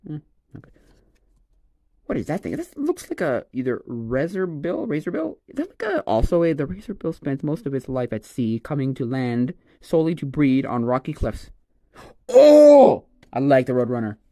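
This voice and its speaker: A man on a casual livestream, rambling and exclaiming excitedly as he opens trading cards. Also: mid-range voice, a little fast. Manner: excitable, rambling, exclaims over each card. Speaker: streamer opening a card pack.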